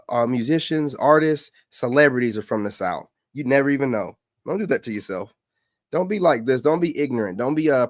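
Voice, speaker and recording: A man's voice: mid-range voice, no echo, studio quality. A man from the Carolinas giving casual reaction commentary, lecturing and repeating his points for emphasis.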